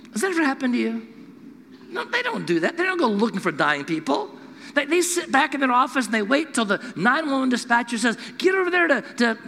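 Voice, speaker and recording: Casting: older male preacher, high bright voice, animated sermon in a reverberant hall. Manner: animated, swings from loud exclamations to low conversational asides. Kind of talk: sermon with storytelling.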